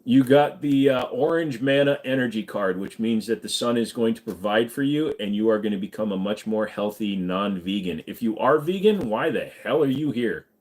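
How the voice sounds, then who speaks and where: A man's voice: lowish voice, animated, normal speed, few pauses, darkish tone. A man hosting a live stream, chatting casually with viewers in a rambling, joking and profane way.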